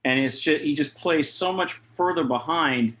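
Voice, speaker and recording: A man's voice: fairly high pitch, unhurried, a bit bright. A man giving a casual online jazz master class, talking through rhythm exercises and scatting them aloud. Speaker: jazz saxophone clinician. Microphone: video call.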